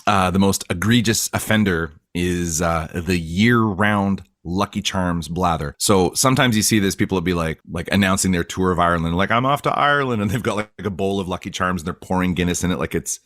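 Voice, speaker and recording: A man's voice: sits low, fairly quick, hardly any pauses, no room sound, studio quality. A man co-hosting a podcast, chatting casually and rambling with lots of fillers. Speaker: podcast co-host.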